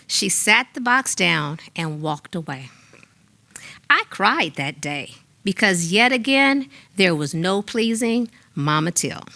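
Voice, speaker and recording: An older woman reading her own memoir aloud on a small theater stage, measured and heartfelt. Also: lowish voice, expressive, bright, forceful tone.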